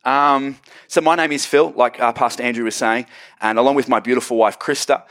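A man in his thirties with an Australian accent, preaching to a church congregation as a guest pastor, joking and lively. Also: mid-range voice, fairly quick. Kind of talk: sermon. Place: church auditorium.

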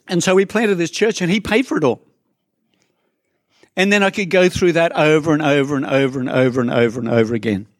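A man's voice: a little high, dry recording, studio quality. A man preaching a sermon to a church congregation, talking conversationally with asides to people in the room. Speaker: pastor.

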